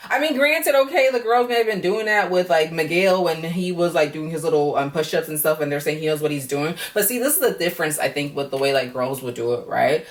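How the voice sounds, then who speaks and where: A woman's voice: deep voice, lively intonation, brisk, hardly any pauses, recorded from a distance. A woman giving a chatty, profane, laughter-filled casual recap of a reality show. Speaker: YouTube reality-show reviewer. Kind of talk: casual reaction commentary.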